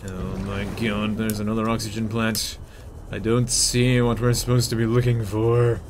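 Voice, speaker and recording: Excitable young man commenting on gameplay. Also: lowish voice, normal speed, slight background noise. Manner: excitable, jokey, yelps and mutters while playing. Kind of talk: casual let's-play commentary.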